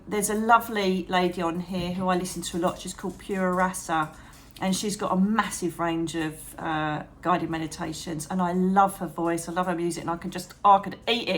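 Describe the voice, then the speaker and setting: A woman chatting to camera about meditation as a psychic medium and channel host, animated, calling viewers darling and trailing off mid-thought. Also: fairly low pitch. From England. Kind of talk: chatty advice vlog to camera.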